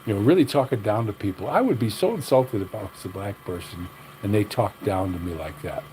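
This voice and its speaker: Older male livestream host, low voice, blunt rambling rant, faint engine hum behind. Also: lively intonation, fairly quick.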